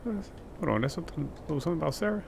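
A man commenting on his own gameplay in a loose, chatty way. He reacts with sudden exclamations and talks himself through each move. His voice has a gravelly edge, and loud game noise sits behind him. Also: on the high side, expressive, racing. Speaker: gamer. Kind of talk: let's play commentary.

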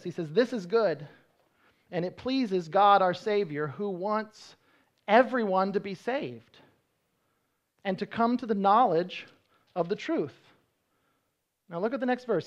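A man's voice: high voice, expressive, measured pace, pauses often, dull audio. A male pastor preaching a sermon in a conversational, explanatory way, often restarting his sentences.

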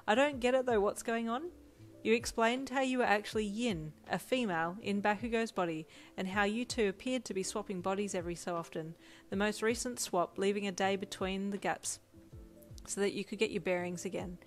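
A woman narrating a second-person fan story in a steady, plain reading voice. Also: mid-range voice, brisk. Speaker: fanfiction reader. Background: faint music.

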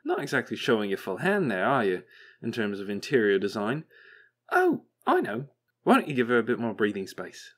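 Brief: man putting on a bumbling chatterbox robot guy, flippant and rambling, voice leaping up high, audiobook character voice. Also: wildly swooping pitch, fairly quick, fairly bright tone, heavily acted. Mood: manic chatter. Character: manic chattering male robot, bumbling and bitter.

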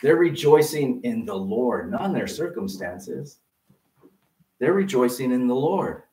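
A man preaching a sermon as pastor, lively and conversational, full of rhetorical questions. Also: medium pitch, measured pace, slight background noise. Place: church sanctuary. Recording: roomy sound from a distance.

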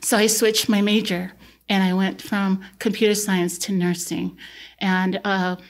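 A woman in her forties, a nurse and podcast guest, telling her life story in an earnest, easygoing way with relaxed fillers. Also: mid-range voice, a little slow. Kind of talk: conversational personal storytelling.

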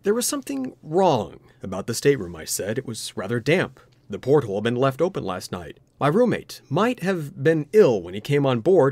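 A man narrating a ghost story in an expressive, dramatic reading. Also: mid-range voice, no echo.

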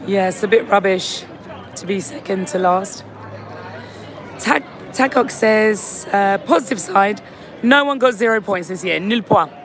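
Hoarse woman host, slow tired delivery, live on a phone in a busy crowd outside a venue. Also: mid-range voice, faint music behind. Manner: tired, chatty, reads out viewer comments. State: hoarse, lost voice. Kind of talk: casual live-stream reaction chat. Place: outdoors on a city street outside a venue. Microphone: phone held at arm's length. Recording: crowd noise on a busy street.

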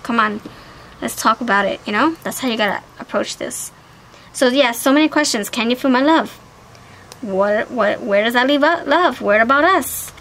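A woman giving a casual, chatty tarot card reading, animated and talkative. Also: fairly high pitch, a little hiss or hum, low-quality recording. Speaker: tarot reader.

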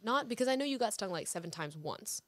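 A twenty-one-year-old actress from Houston, Texas, guests on a casual podcast at the host's apartment, chatting playfully, teasing, and quick to joke. Her medium-pitched voice is animated, with no room sound.

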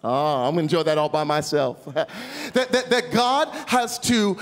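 A man with a high voice preaches to a congregation, weaving humorous stories into the sermon and calling for responses. His voice rings with the long reverb of a large hall. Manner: humorous storytelling, calls out to the congregation. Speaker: pastor.

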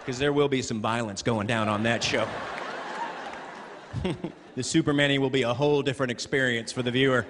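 A man doing stand-up comedy on a stage with a handheld mic, telling a story in an animated, punchy way. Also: mid-range voice, normal speed, long pauses. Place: stage in a large hall. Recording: reverberant hall with live audience. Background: audience noise.

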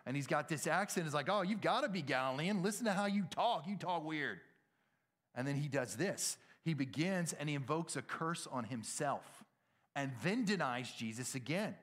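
A middle-aged man with a Southern American accent, preaching in a casual, storytelling way that acts out dialogue, jumping from loud and high to hushed and low. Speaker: pastor. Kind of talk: sermon.

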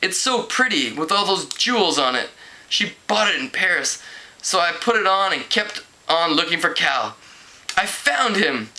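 A man's voice: high-pitched, sing-song, measured pace, sharp tone, heavily acted, low-quality recording. A man reading a book aloud and voicing a tearful young woman who talks through sobs. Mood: distraught. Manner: sobbing, distraught.

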